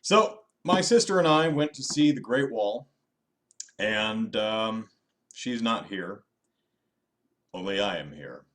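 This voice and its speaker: Male host, low voice, offhand live-stream review, wry, self-deprecating, animated in spurts. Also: slow, long pauses. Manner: frequent restarts and fillers, animated bursts.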